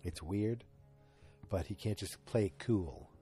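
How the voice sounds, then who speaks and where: Soft background music plays as a man with a warm voice on the low side talks slowly. A sleepy podcast host at home in front of the TV, he yawns and rambles through a TV episode recap, chatty and given to asides.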